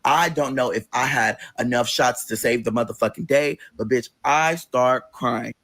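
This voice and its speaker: Husky guy ranting a storytime on his vlog, rapid-fire, dry close sound. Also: medium pitch, dry recording. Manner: animated, profane, dramatic, acts out quotes. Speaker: storytime vlogger. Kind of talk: casual storytelling.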